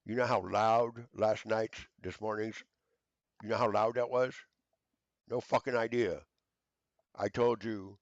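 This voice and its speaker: A man's voice: on the low side, little pitch movement, unhurried, pauses often, no room sound, muffled recording. A man in an angry, profane rant to camera, stammering through fillers and hurling accusations. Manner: shouting accusations, stammering fillers, heavy cursing.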